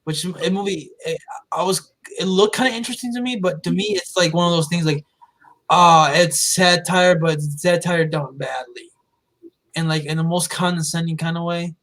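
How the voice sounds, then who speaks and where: A man's voice: fairly high pitch, brisk, poor audio. A man hosting a casual movie podcast, talking hesitantly with many fillers. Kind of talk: casual movie review chat.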